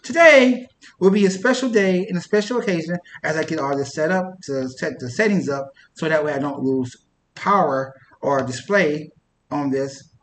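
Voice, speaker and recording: A man's voice: on the high side, normal speed, fairly bright tone, reverberant, a little hiss or hum. A man talking casually to the camera for his channel, rambling and interrupting himself. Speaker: YouTuber.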